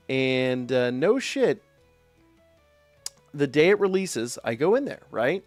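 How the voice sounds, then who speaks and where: A man streaming live, telling a profane, animated story in a casual way. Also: mid-range voice, takes it slowly, long pauses, no room sound, soft background music. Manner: profane, animated anecdote with quoted voices.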